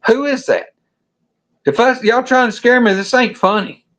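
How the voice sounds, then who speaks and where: Picture a jittery hunting buddy with a drawl, his voice jumping way up high as he whines and protests in disbelief, put on by a man telling the story. He sounds rattled and defensive, insisting nobody had better be pulling a joke on him. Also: big pitch swings, a little fast, gravelly, slightly rough, muffled recording, full character voice. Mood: panicky.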